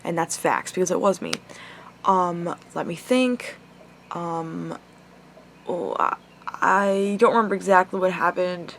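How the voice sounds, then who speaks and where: A woman's voice: lowish voice, a little slow, vocal fry, long pauses, a bit bright, a little hiss or hum. Rambling, foul-mouthed young woman vlogger. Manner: rambling, frequent swearing and filler words. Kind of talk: casual storytime monologue.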